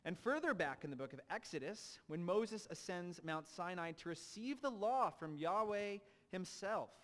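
Young pastor in a reverberant hall. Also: male voice, high voice, animated, normal speed, fairly bright tone. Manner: reads scripture aloud with casual asides. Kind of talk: sermon.

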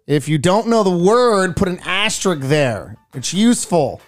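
A man's voice: sits high, sing-song, moderate pace, faint music behind. A man co-hosting a morning radio show, bantering casually and slipping into silly put-on voices for his stories.

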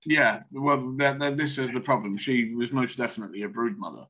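A man's voice: medium pitch, pushed and bright. Joking man playing a tabletop game. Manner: joking, halting questions with restarts. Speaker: player. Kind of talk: casual chat at a tabletop game.

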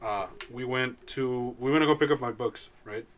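A man's voice: mid-range voice, moderate pace, a bit bright. A young man co-hosting a casual chat, telling a story in a laid-back way with frequent laughs. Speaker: podcast co-host.

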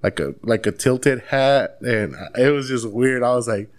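A man's voice: mid-range voice, a little slow. A man hosting a casual podcast, telling rambling stories full of swearing and dropping Spanish words into his English. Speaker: podcast host. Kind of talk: casual chat.

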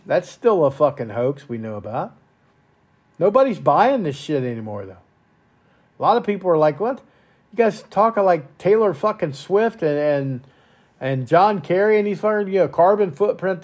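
A fairly high-voiced man rants angrily into his podcast mic, crude and profane. He often repeats words as he pushes ahead, sounding heated and indignant. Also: darkish tone. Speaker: podcast host. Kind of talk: profane ranting monologue.

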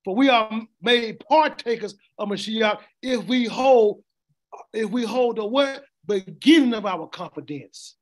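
Man, very high voice, preacher, call-and-response sermon, stammering repeats. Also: unhurried. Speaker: preacher teaching scripture. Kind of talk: interactive sermon.

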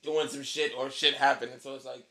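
A man, co-hosting a casual podcast chat in excitable, profane slang. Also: medium pitch, fairly quick.

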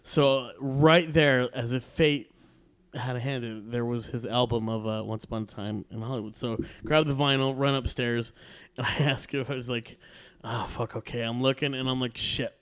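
A man's voice: mid-range voice, fairly even intonation, normal speed, smooth. A man telling a long, profane story to friends in a casual chat, laughing often as he goes. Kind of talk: casual anecdote among friends.

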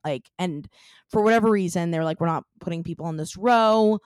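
A woman's voice: on the low side, brisk, clear, resonant tone, no room sound, studio quality. A young adult woman co-hosting a podcast, telling a story in casual chat with many "like" fillers. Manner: animated storytelling, lots of "like" fillers. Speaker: podcast co-host.

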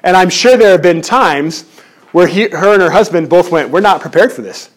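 A man preaching a sermon in church, animated and jokey, often restarting his words. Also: high-pitched, moderate pace. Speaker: pastor.

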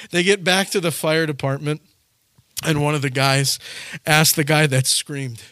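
A man with a bright, forceful voice, pitched a little high for a man, preaching a sermon. He tells stories and acts out the scenes with sudden loud shouts. The sound is close and dry. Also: normal speed, no echo. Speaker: pastor.

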